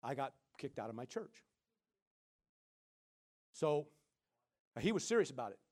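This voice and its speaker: A middle-aged man preaching a sermon as senior pastor, swinging between loud, animated bursts and quiet asides while calling out to the congregation. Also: medium pitch, measured pace. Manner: calls out to the congregation.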